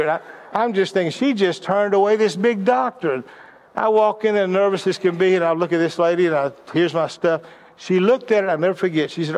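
Speaking a little fast and with a slightly mellow tone, this middle-aged man has a notably high voice. His leadership lesson sounds like a sermon, built on personal stories with a narrative flow. He frequently trips over words and repeats them when he starts again.

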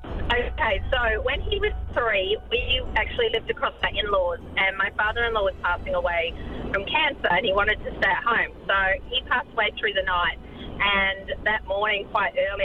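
A woman phoning in to a radio show, telling a story vividly and acting out the voices in it. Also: medium pitch. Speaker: caller. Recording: noisy phone line.

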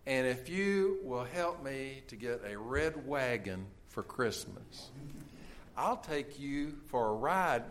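A man preaching, speaking as an innocent little boy in a story, soft, slow and sincere. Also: mid-range voice, a little hiss or hum. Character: innocent young boy pleading to baby Jesus.

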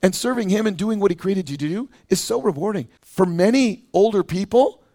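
A middle-aged man preaching a sermon as pastor, in an animated, conversational way, often acting out quoted voices. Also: high-pitched, fairly quick. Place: church.

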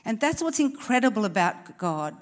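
A woman's voice: a little high, very animated, moderate pace. A woman preaches to a church congregation in an earnest, encouraging tone. She leans on rhetorical questions and direct appeals to her listeners. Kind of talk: sermon. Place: church service.

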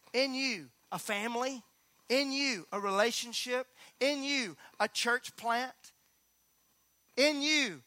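A middle-aged man preaching a sermon, moving from calm talk to loud, repeated emphatic lines. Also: extremely high pitch, no room sound. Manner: builds from calm to near-shouting emphasis, repeats key phrases. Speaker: pastor.

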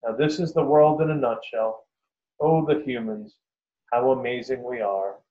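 A man's voice: lowish voice, flat delivery, a little fast, distant mic, close to an everyday voice. A man doing a sarcastic bitter cyclist. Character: sarcastic thin male cyclist, dry and bitter. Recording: dull roomy recording.

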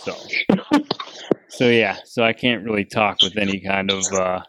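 A man's voice: lowish voice, a little slow, no room sound. A man hosting a casual podcast, telling a fishing story with lots of laughs. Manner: laughing storyteller, animated retelling. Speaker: podcast host. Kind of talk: casual chat.

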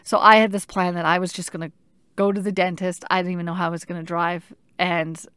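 In a dry recording, a middle-aged woman's smooth, fairly low voice carries a personal anecdote told casually. She keeps restarting her sentences and fills gaps with "like," staying animated throughout.

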